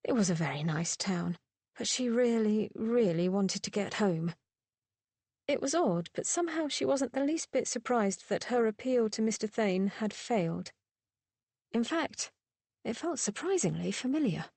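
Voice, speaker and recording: A woman narrating a romance novel in a measured, even storytelling manner. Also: fairly high pitch, husky, no room sound. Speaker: audiobook narrator. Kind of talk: scripted narration.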